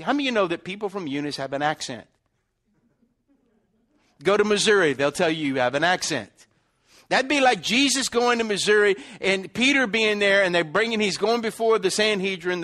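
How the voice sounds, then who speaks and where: A man's voice: on the high side, fairly bright tone. A man preaching a sermon conversationally, acting out the people in his story. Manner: conversational preaching, acts out quotes, many restarts. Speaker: pastor.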